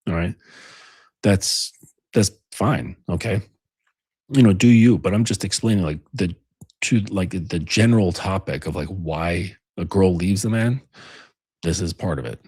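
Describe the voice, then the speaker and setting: A man's voice: deep voice, a little slow, long pauses, darkish tone, breathy edge, no room sound. A man coaching on dating in a rambling, casual monologue, full of fillers and acted-out quotes. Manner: rambling, filler-heavy, acts out quoted lines.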